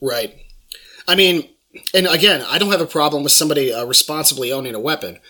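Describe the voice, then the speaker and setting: A man co-hosting a casual chat, chuckling often and hedging with fillers. His voice is bright and slightly high. He talks in a loose, hesitant way. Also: quick pace.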